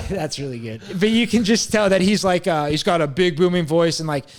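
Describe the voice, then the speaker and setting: Brisk and high-sitting, this young podcast host's voice comes with a little hiss or hum. He meanders through a story in casual conversation, cursing a lot, quoting his own words, and laughing at himself.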